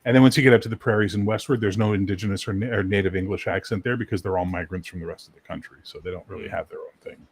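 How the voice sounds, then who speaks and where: A man's voice: deep voice, fairly even intonation, racing, few pauses, husky. A man from Maritime Canada in casual podcast banter, swearing freely in mock-outraged rants. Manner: profane, mock-outraged ranting. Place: Montreal.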